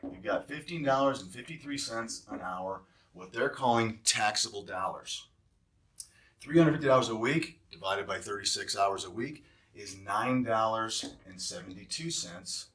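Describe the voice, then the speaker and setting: A travel nurse staffing recruiter walks nurses through a job offer, growing heated and emphatic as he breaks down the hourly pay in an explanatory rant. His voice is fairly low with lively intonation, a fairly bright tone, and normal speed. The distant mic picks up a roomy echo.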